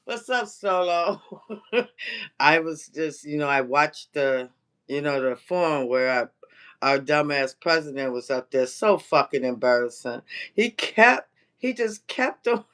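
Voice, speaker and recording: Cooking vlogger just chatting, swears a ton, rants, laughs a lot, mid pitch. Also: expressive, measured pace, fairly bright tone, clean tone. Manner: profane, ranting, laughs often. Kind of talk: casual livestream chat.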